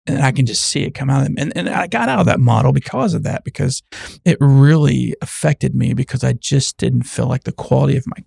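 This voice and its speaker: A man's voice: mid-range voice, vocal fry, darkish tone, husky, dry recording, clean studio sound. A man who works in medicine, speaking as a guest in an earnest, casual conversation and explaining things plainly.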